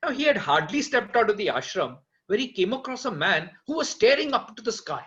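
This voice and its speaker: A male storyteller tells a folk tale aloud and makes playful asides to his listeners. His voice is high and swings widely in pitch. The recording sounds dull and lo-fi. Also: very animated, a little fast, fairly bright tone.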